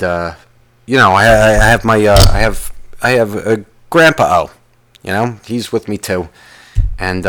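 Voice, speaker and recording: Low-voiced man telling a profane rambling story. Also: fairly bright tone. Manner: profane, rambling, self-interrupting. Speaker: vlogger.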